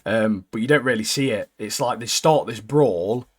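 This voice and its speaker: A man recapping anime episodes in a casual podcast chat, animated and peppering his talk with "mate". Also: moderate pace, slightly rough. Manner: animated, keeps adding "mate", jumps into high squeaky voices when quoting characters. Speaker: podcast co-host.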